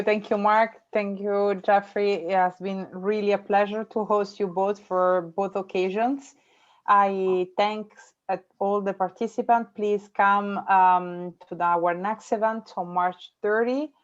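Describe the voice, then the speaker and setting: A woman's voice: mid-range voice, steady tone, measured pace, muffled recording. A woman hosting an event, giving polite, formal closing thanks. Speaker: event host. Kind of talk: closing remarks.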